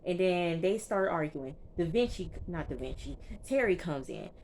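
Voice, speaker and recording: A woman reviewer recapping a TV episode in a casual, slangy, chatty way, tossing in quick asides as she goes. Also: fairly low pitch, lively intonation, a little mellow, a little hiss or hum. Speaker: TV show reviewer.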